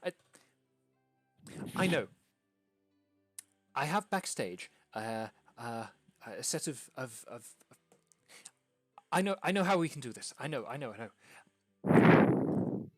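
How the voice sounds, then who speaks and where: A man's voice: mid-range voice, very animated, slow pace, pauses often, no echo, faint music behind. A man voicing an anxious, eager woman who runs a theatre, stammering and repeating his words.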